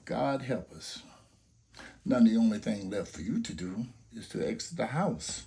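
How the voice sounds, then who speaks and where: With a warm, lowish, sing-song voice touched by vocal fry, an older grandfather delivers a passionate, preacher-like call to vote, full of rhetorical questions and little story scenarios, at a slightly slow pace.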